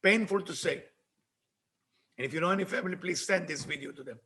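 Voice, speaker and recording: A man teaching Kabbalah, retelling a story with lively swings between shouting and near-whispers, reading passages aloud in fast Hebrew and then translating them. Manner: animated, bursts into shouting at dramatic moments, then drops low.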